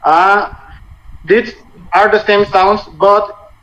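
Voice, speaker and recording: A man in his twenties teaching a language lesson over a video call, halting and often rephrasing as he explains. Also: sits high, fairly even intonation, fairly bright tone. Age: 20s. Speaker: Spanish teacher. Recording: muffled video call audio with faint noise.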